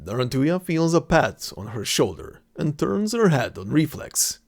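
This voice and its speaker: A man giving calm, descriptive scripted narration for an audio drama. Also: fairly high pitch, a little slow.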